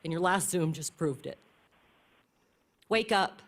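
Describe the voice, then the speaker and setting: A woman's voice: on the low side, animated, takes it slowly. A woman speaking angrily and bluntly at a county commission meeting, hammering her points with repeated phrases into a podium microphone. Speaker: public commenter at a county meeting. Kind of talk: impassioned public comment.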